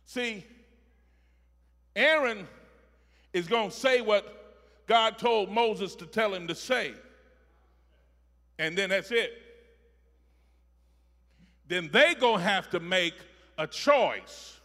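A man preaching a sermon, repeating phrases rhythmically and building from soft talk to shouting. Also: high-pitched, slow pace, long pauses, big-room sound.

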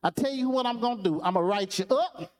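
A man's voice: high-pitched, expressive, normal speed. A man voicing a blustering middle-aged male Marine sergeant who scolds and barks orders. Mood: scolding. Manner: fussing, scolding, barking orders.

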